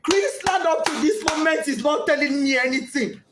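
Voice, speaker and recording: Distraught Nigerian woman, high and tearful. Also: moderate pace, noisy background. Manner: pleading, repeating herself with rising outbursts. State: crying, distraught. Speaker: grieving mother. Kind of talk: emotional testimony.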